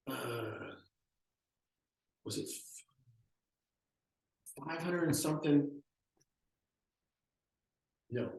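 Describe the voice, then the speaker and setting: Animated man in an echoey room. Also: creaky. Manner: animated storyteller acting out sales pitches. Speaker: real estate team leader. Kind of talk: training talk to agents.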